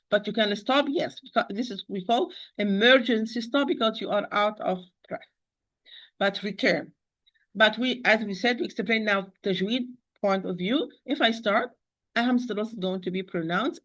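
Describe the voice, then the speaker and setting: A woman teaching Quran recitation in an online lesson, patiently repeating words slowly to demonstrate pronunciation. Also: mid-range voice, a bit bright, poor audio. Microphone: computer, teaching over a shared screen.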